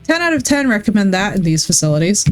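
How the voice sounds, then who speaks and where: Quick and sing-song, this woman streamer's medium-pitched voice carries over soft background music. She chats casually while playing, rambling from story to story and cursing without restraint.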